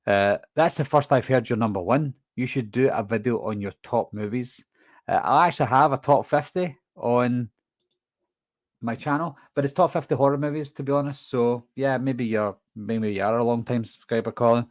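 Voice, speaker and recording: Casting: Glasgow-accented man hosting a live stream, chatty, medium pitch, dry close sound. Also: moderate pace, no room sound. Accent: Glaswegian Scottish, toned down. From Scotland. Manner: chatty, reads viewer questions and answers them. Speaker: horror movie channel host. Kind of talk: casual live stream chat.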